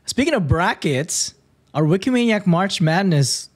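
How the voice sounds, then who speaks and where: A man co-hosts a casual podcast and trades laid-back, teasing banter with the others. His voice sits a bit high and moves around a lot. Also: lively intonation, a little slow. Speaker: podcast co-host.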